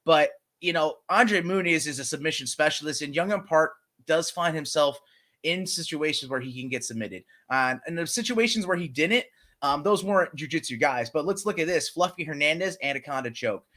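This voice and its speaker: A man's voice: fairly high pitch, normal speed, bright, forceful tone. A man co-hosting a podcast, chatting casually about fight picks in a chummy, rambling way with lots of fillers. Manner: chummy, calls his co-host brother and man; loose, rambling delivery with fillers and restarts. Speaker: podcast co-host. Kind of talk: casual sports betting chat.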